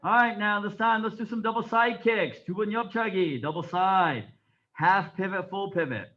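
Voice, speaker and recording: A man teaching a taekwondo class, counting aloud in Korean and giving sharp commands between calm explanations. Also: sits high, fairly quick. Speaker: taekwondo instructor. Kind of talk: teaching a martial arts class. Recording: dull lo-fi sound.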